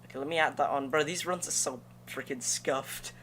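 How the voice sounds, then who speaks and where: Bright, slangy young gaming streamer. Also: medium pitch, steady tone, a little fast, a little hiss or hum. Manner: slangy, chatty, talks to viewers between attempts. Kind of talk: casual live-stream commentary while playing.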